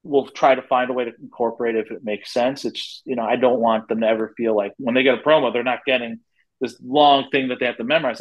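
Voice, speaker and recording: A man in his forties speaking as a guest in a casual interview. He talks at length, telling stories and restarting his sentences now and then. His voice sits at an ordinary pitch. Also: steady tone, fast talker, dull audio. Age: 40s. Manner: talkative storyteller, frequent restarts. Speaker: guest, head of a wrestling company.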